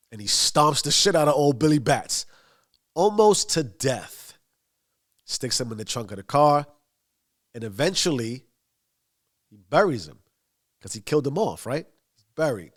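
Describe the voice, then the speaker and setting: Emphatic male motivational speaker. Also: mid-range voice. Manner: emphatic, repetitive lists. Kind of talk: motivational monologue.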